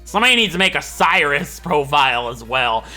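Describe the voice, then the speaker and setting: Young male let's-play host, bright lively voice, rambling jokes. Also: fairly high pitch, a little fast, faint music behind. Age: 20s. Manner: rambling, joking, laughs a lot. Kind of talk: gameplay commentary.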